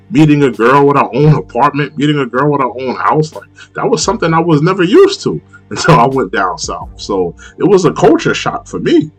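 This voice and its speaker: A man from Long Island hosts a live stream and chats loosely, circling back over the same points and laughing often. His voice sits at an ordinary middle pitch but swings widely up and down. Soft music plays faintly behind him. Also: slightly rough. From Long Island, New York. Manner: rambling, repeats himself, laughs often. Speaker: live stream host reading chat. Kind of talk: casual chat.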